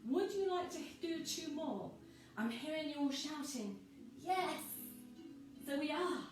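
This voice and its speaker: A woman leading a pilates workout, giving calm, encouraging cues timed to the breath. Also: high-pitched, normal speed. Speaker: pilates instructor. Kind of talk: guided workout instruction. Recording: echoey room from far off with music.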